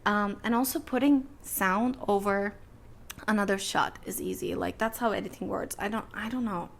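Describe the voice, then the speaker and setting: A young adult woman hosts a podcast, offering casual filmmaking advice in a chatty, animated manner and acting out little exchanges. She speaks at a moderate pace in a mid-range voice.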